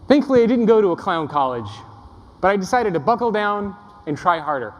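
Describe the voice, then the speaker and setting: A man's voice: high voice, sing-song, fairly quick. A young man giving a humorous keynote to a live audience, telling self-deprecating stories and joking with the crowd. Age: young adult. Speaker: keynote speaker. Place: large conference hall before a live audience. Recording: echoey conference hall, live.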